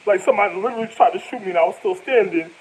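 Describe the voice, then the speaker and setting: A man's voice: sits high, rapid-fire, slight background noise, poor audio. A man telling rambling stories to camera in loose slang, laughing often as he goes. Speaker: vlogger. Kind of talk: casual storytelling to camera.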